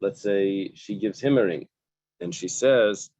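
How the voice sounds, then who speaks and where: Low-voiced man patiently teaching a class. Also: unhurried, darkish tone, dry recording. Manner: explains step by step, translating each phrase into plain English. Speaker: Talmud teacher. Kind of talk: casual study-group class. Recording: dull lo-fi recording.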